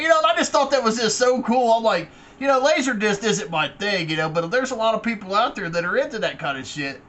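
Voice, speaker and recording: Casual male vlogger with a high voice, rambling and swearing freely. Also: lively intonation, fast, few pauses, fairly bright tone, slight background noise.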